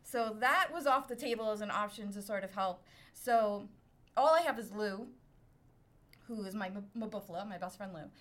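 In a casual podcast conversation, a middle-aged woman originally from Brooklyn, New York, narrates a story at a normal speed. Her mid-range voice is animated, and she often laughs and teases herself.

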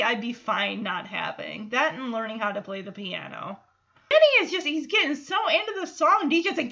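A woman hosting a casual sitcom recap, chatty and animated, acting out the characters' lines. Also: high-pitched, lo-fi sound. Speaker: podcast host recapping a sitcom. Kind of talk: casual chat.

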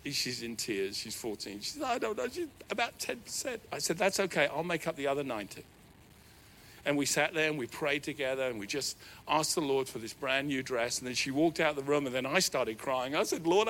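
A middle-aged man with a New Zealand accent, preaching a sermon in a church hall. He tells a personal story in an animated, self-deprecating way. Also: a little high, fairly quick, slight background noise. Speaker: pastor.

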